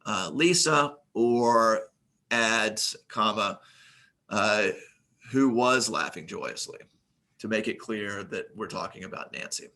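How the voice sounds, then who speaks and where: A man's voice: fairly low pitch, slow, bright, forceful tone. A man teaching a recorded grammar lesson, reading example sentences aloud and explaining them methodically, with the occasional filler.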